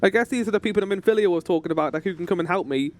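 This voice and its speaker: A gaming streamer chats casually while playing, joking around and laughing often. His high-pitched voice comes out rapid-fire.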